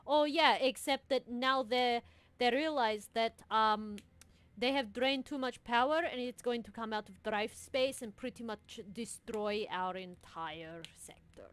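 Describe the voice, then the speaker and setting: A woman playing in a tabletop game, talking in a chatty, halting way with broken English. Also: fairly high pitch, clear, resonant tone, no room sound. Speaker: player. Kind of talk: casual tabletop game talk.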